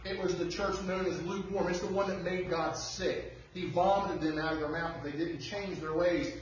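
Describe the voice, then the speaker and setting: A man's voice: sits high, steady tone, normal speed, a little hiss or hum. Male pastor preaching hard, lots of questions, far off mic, muffled, echoes all over the sanctuary. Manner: emphatic preaching with rhetorical questions. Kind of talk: sermon. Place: church sanctuary. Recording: distant, muffled, very echoey room.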